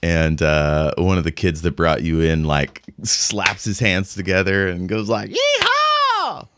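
Deep-voiced man running a tabletop game. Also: fairly even intonation, measured pace, background noise. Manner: rambling, casual, many fillers and restarts. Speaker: game master.

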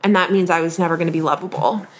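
A woman from the northern United States co-hosting a podcast, talking candidly in a confessional, halting way with frequent restarts. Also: lowish voice, steady tone. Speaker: podcast co-host. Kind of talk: candid casual chat.

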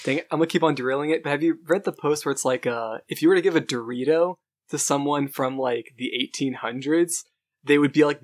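Young man, somewhat high voice, quick laughing chatter, casual. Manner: quick, laughing, eager to derail. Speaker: podcast guest. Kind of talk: casual chat.

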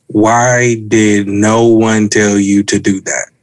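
A man's voice: lowish voice, flat delivery, slow, no room sound. A man co-hosting a podcast, laid-back, repeating words for emphasis. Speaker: podcast co-host. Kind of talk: casual chat.

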